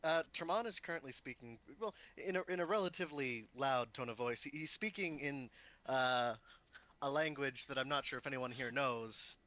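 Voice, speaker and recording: Bright-voiced man, halting player. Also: medium pitch. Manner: halting, stumbling over words. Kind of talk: casual tabletop play.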